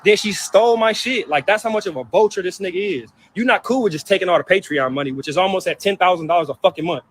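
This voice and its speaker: A man's voice: sits high, fast talker, a little hiss or hum. A man vlogging, hurt and upset, venting about family in heated, profane outbursts that keep circling back. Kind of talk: emotional personal venting to camera.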